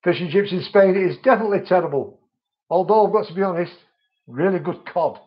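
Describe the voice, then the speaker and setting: A man's voice: sits high, expressive, a little fast, dull audio. A man hosts a vaping channel live stream, chatting with viewers and reading their comments out in a friendly way.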